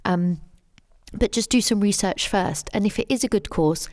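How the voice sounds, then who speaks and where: A middle-aged woman with a London English accent, answering interview questions as the guest, measured and thoughtful, with plenty of "um" and "you know". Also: medium pitch, a little mellow. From England. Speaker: guest, English teacher and tour guide.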